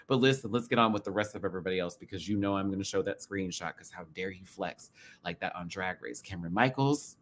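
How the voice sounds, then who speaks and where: A man with a sassy, animated way of talking, commenting casually to camera on a reality show. He uses drag slang and jumps from loud bursts to hushed asides. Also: on the low side, brisk, a little hiss or hum. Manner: drag slang, calls viewers sister and baby. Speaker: drag race show reviewer, channel host.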